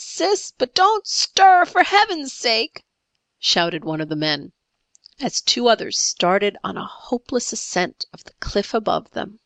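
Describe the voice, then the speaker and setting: A woman narrating a classic story in a measured, expressive reading. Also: medium pitch, gravelly, no echo.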